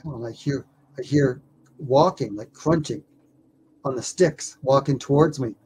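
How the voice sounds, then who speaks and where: A man who is a documentary filmmaker, telling a story in an interview with lively stammers and repeated words. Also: mid-range voice, a little slow, slight background noise.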